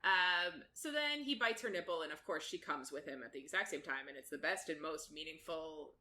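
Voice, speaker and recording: A woman's voice: low-pitched, lively intonation, a little fast, pushed and bright. A woman co-hosting a podcast, chatting casually as she recaps a book, laughing often and swearing freely. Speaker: podcast co-host.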